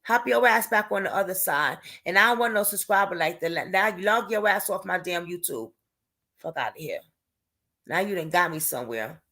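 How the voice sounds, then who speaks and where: A woman hosting a livestream who talks loudly and bluntly, swearing as she scolds viewers and answers chat comments. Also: medium pitch, animated, a little fast, hardly any pauses. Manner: reads chat comments aloud and answers them. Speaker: YouTube livestream host.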